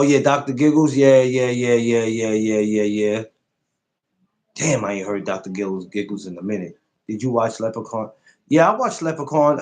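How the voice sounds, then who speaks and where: This is a man hosting a podcast live, loose and energetic in his chatter. He swears a lot, and mockery sends his voice shooting upward.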